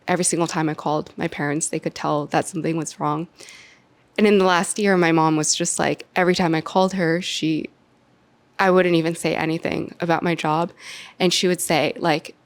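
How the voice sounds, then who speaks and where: A woman's voice: lowish voice, dry recording. A young woman in her twenties sharing a personal life update on her vlog, heartfelt and emotional, with many "like"s and "um"s. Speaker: YouTuber and podcaster.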